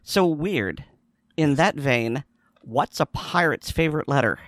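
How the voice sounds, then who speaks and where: A man's voice: a little high, expressive, a little slow, a bit bright, no echo, clean studio sound. A man co-hosting a casual podcast chat, teasing and telling jokes. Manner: teasing, joking. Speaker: podcast co-host.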